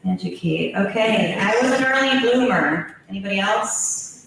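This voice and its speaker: A woman's voice: mid-range voice, expressive, moderate pace, creaky, a bit bright, slight background noise. A young woman telling a frank, crude personal story to a live audience, laughing as she goes. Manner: candid, crude, laughing through her story. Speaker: storyteller guest. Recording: echoey room, voice far from mic.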